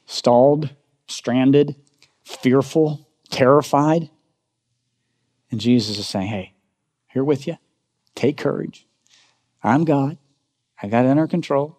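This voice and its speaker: A male pastor delivering a dramatic sermon, asking rhetorical questions and swinging between loud emphatic bursts and low, quiet lines. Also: takes it slowly, pauses often. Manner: asks the congregation rhetorical questions. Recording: long reverb of a large hall.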